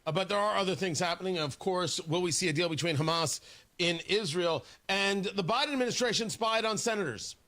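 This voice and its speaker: A man's voice: sits high, fairly quick, sharp tone. A man hosting a morning radio show, chatting casually, laughing easily and tripping over his words. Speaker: radio talk host.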